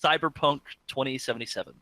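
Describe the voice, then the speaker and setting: A man co-hosting a casual gaming podcast, telling stories with animated reenactments of crowd reactions. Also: mid-range voice, fast talker. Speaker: podcast co-host.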